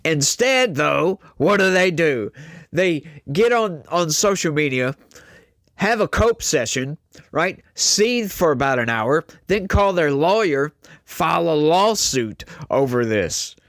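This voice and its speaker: A man's voice: fairly high pitch, big pitch swings, takes it slowly, a bit bright, no room sound. Mocking man saying y'all, dry sound. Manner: mocking, laughs often, says y'all. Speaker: political commentary host. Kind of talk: reaction commentary.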